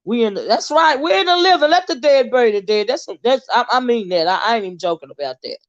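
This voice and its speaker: A woman hosting a YouTube commentary show, ranting in a blunt, loud, heavily profane way. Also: a little high, lively intonation, fast. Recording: dull lo-fi sound.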